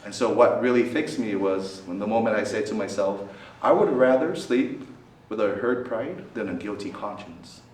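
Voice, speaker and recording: Male priest, low voice, talk to a student fellowship, asks the room questions, distant mic, echoey hall. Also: normal speed, few pauses. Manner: keeps asking listeners questions, tags "right?"; lively, dramatic swings in pitch and loudness. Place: meeting hall at a student center. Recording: roomy echo, from a distance, faint background noise.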